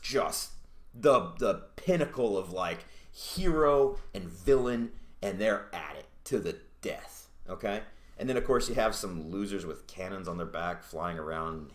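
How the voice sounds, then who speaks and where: A lower-voiced man talks through a comic book review in a loose, rambling way. He swears freely and restarts his sentences often. His voice rings in a roomy indoor space. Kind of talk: casual video review. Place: indoors at home. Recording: roomy echo.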